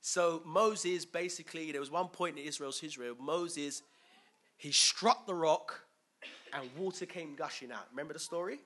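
Bright-voiced preacher. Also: male voice, fairly high pitch, moderate pace. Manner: chatty, asks the crowd questions, chuckles often. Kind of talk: conversational sermon with questions to the congregation.

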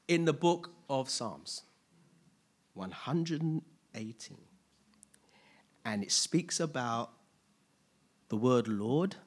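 A man preaching a sermon, asking rhetorical questions, making playful asides and building to loud, emphatic peaks. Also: mid-range voice, expressive, slow, pauses often, slightly rough. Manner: casual asides with playful humor.

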